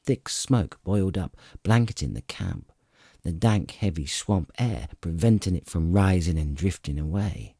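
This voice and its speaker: A man narrating a fantasy audiobook in a dramatic, expressive storytelling manner, recorded close to the mic. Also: sits low, unhurried, slightly rough, no room sound.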